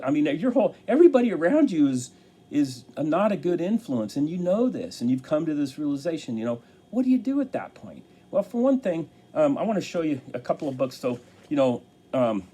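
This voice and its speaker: Earnest, halting man giving motivational talk. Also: medium pitch, warm tone, slightly rough. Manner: earnest, halting with many restarts. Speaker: motivational speaker.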